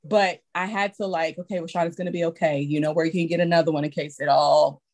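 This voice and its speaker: A woman in casual conversation, recounting an anecdote and acting out the people in it with high, squealing voices. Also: fast talker. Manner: animated, acts out quotes in high squeals. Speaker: guest; childcare teacher. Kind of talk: casual storytelling chat.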